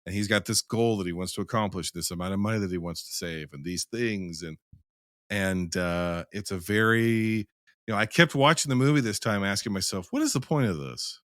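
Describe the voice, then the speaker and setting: Man reviewing films, lowish voice, rambling, emphatic, swearing, dry close sound. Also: a little fast, fairly bright tone, no room sound. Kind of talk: casual film-review chat.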